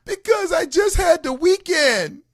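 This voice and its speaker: A man's voice: very high-pitched, animated, dry recording, raised voice, clean studio sound, pitched above the performer's own voice, exaggerated voice. A man doing a sobbing six-year-old boy. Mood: crying whine. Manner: sobbing, drawn-out whine. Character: whining six-year-old boy, crying about school.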